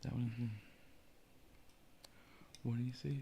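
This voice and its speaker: A man's voice: medium pitch, little pitch movement, slow, creaky, dark tone, a little hiss or hum. A man hosting a casual live stream, chatting eagerly and reacting to viewer comments. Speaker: host.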